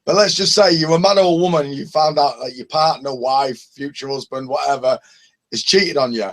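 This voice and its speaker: A man with a Northern English accent telling lively anecdotes in a casual open mic video call, laughing and swearing freely. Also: medium pitch, brisk. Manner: animated storyteller, laughs often, swears. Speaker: open mic hangout participant.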